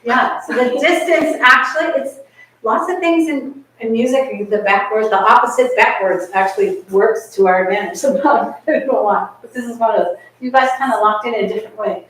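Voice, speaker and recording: A woman's voice: fairly high pitch, fairly quick, fairly bright tone. A woman coaching a chamber group in a masterclass, encouraging and chatty, often singing rhythms on nonsense syllables. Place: rehearsal room in a community center. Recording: echoey room, miked from a distance.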